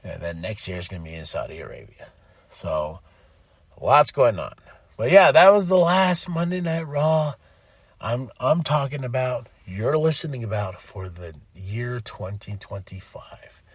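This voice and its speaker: A man hosting a casual solo podcast recap. He is excitable and animated, swears freely, laughs often and mimics the people he talks about. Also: medium pitch, measured pace, breathy edge, no echo. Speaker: podcast host.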